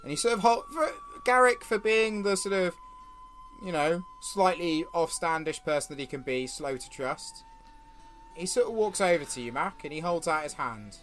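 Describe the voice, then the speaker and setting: A man narrating as game master, telling the scene in a relaxed, chuckling way with many fillers. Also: on the high side, normal speed, faint music behind.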